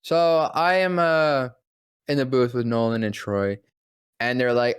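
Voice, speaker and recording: Young male voice actor, rambling, profane storyteller, dry close sound, mid pitch. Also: fairly even intonation, clean tone, dry recording. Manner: rambling, profane, quick to laugh. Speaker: podcast guest, voice actor. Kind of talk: casual storytelling chat.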